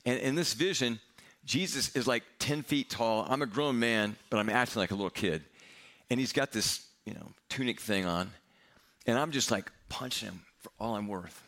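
A middle-aged male pastor telling a personal story in a sermon, candid and self-mocking with quick humor. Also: mid-range voice, fairly bright tone.

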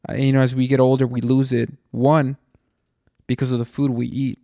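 A man's voice: medium pitch, little pitch movement, moderate pace, dark tone, dry recording. A man from Mexico, a podcast host, telling a rambling story in casual chat, swearing and saying "dude" a lot. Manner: rambling and profane, says "dude" often.

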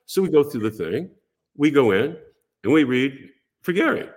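An older American man, a podcast guest telling a story in a casual, animated way and acting out the voices of people he quotes. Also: medium pitch, normal speed, breathy edge.

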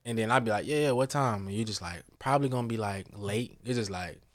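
A man's voice: lowish voice, quick pace, a bit bright, dry recording, clean studio sound. A young man in casual podcast chat, blunt and profane, with heavy slang and frequent laughs.

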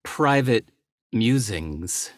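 A man's voice: on the low side, animated, extremely slow, no room sound, clean studio sound. A middle-aged man, a writer and entrepreneur, talking candidly and thoughtfully as a guest on a podcast. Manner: thoughtful, candid, with small laughs and restarts. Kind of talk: reflective interview talk.

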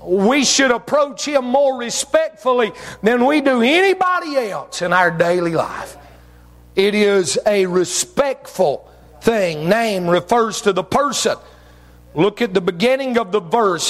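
A man preaching a sermon as pastor, with folksy phrasing, shouted emphasis and drawn-out phrases. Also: high-pitched. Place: church sanctuary. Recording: long reverb of a church hall.

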